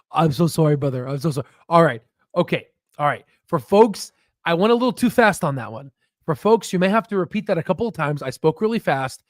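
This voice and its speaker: A man hosting a stock market livestream, talking in excited bursts, laughing often and checking in with "right?". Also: on the high side, no echo, studio quality. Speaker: stock market channel host. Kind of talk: excited casual livestream commentary.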